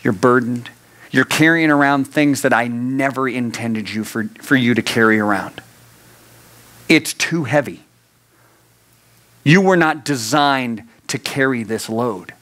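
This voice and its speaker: A man's voice: medium pitch, unhurried, long pauses. Earnest man preaching to youth. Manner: earnest, swings from raised urgency to hushed intimacy; repeats phrases for emphasis. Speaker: youth pastor. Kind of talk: sermon.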